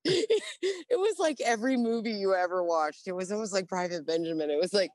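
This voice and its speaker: A woman's voice: medium pitch, brisk, no room sound. A woman in her forties, a Navy veteran, telling stories in a casual interview, profane and laughing often. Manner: lively, profane, laughs often, acts out dialogue.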